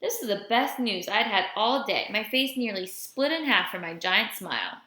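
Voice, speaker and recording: A woman reading a children's novel aloud in a steady first-person storytelling voice. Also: mid-range voice, normal speed. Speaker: audiobook reader. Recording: roomy echo.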